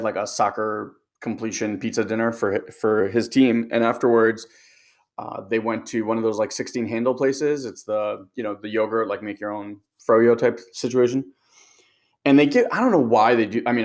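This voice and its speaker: Animated man telling a personal story. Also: fairly low pitch. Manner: animated storytelling, acts out his inner voice. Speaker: podcast co-host. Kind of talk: casual chat.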